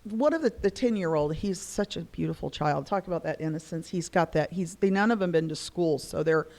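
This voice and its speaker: A middle-aged woman telling stories in a casual conversation, lively and acting out the voices she quotes. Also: fairly low pitch, a little fast. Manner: animated, acts out quoted voices. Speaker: guest discussing spirituality.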